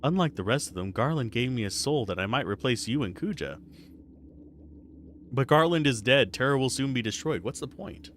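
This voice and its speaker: A man voicing a quiet, despairing young female clone from a game, reading her lines softly and flatly. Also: mid-range voice, normal speed, slight background noise, lightly acted.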